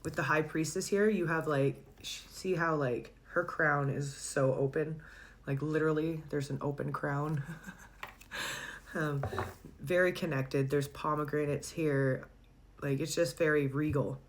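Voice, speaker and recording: Woman, low voice, casual tarot reader, chatty, laughs a lot. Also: fairly even intonation, unhurried, a little hiss or hum. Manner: chatty, warm-hearted, laughs often, searches for words.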